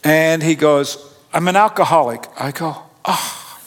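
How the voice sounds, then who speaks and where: A man's voice: a little high, moderate pace, a little hiss or hum. A middle-aged man preaching a sermon, telling a personal story in a conversational, self-deprecating way. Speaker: pastor. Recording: long hall reverb.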